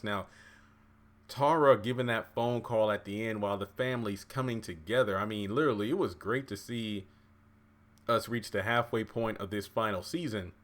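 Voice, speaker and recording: Rambling male TV recap vlogger. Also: on the low side. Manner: chatty and rambling, full of fillers and asides. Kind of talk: casual episode recap commentary.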